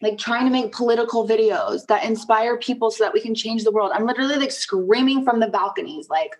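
A woman's voice: a little high, brisk, few pauses, low-quality recording. Indignant woman ranting in an interview. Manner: emphatic, indignant, full of "like" fillers and swearing. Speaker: interview guest. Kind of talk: casual interview talk.

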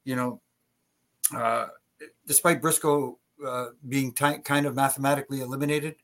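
A man co-hosting a wrestling podcast, working through his analysis in a measured, steady way. His voice sits at an ordinary middle pitch. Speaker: podcast co-host. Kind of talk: casual wrestling review chat.

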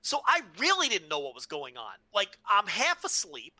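A man's voice: high-pitched, wildly swooping pitch, moderate pace, pushed and bright, no room sound. A man co-hosting a casual podcast, telling stories frankly, swearing freely and restarting with repeated words. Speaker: podcast co-host. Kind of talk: casual wrestling podcast chat.

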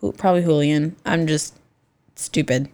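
A woman's voice: medium pitch, normal speed, darkish tone. A woman in the middle of her range reads from her notes as a podcast co-host. She trips over names now and then and jokes at her own expense, with casual, chatty banter. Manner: reads from notes, stumbles on names, self-mocking. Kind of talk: casual true-crime podcast chat.

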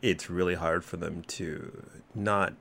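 A man's voice: deep voice, fairly even intonation, measured pace, fairly bright tone. A man from Texas, in his thirties, co-hosting a casual podcast chat. He jokes, swears freely and drops into comic voices. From Southern US, Texas. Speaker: podcast co-host.

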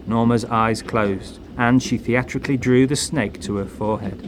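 A man narrating a horror audio story in a measured, atmospheric way. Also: medium pitch, steady tone, a little hiss or hum.

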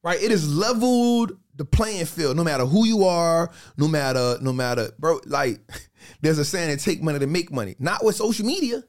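A man in a casual podcast chat, telling stories in an animated, slangy way and repeating phrases for emphasis. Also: fairly high pitch, normal speed.

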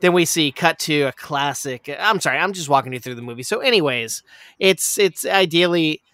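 A man casually retelling a movie plot in a rambling, profane way, with lots of fillers and quick laughs. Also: a little high, lively intonation, pushed and bright, no room sound, studio quality.

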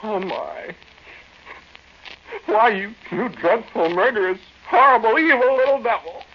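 A man's voice: medium pitch, big pitch swings, moderate pace, lightly acted. A man playing a stammering flustered fellow. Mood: frantic. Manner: stammering, nervous, fussy. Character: flustered timid man, easily scared. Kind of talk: old-time radio drama acting. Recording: dull lo-fi old radio recording with faint hiss.

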